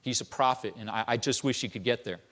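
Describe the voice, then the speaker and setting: A man voicing a young servant girl who passes on a tip in a hushed, confiding way. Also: medium pitch, fast talker, voice pushed down, natural voice.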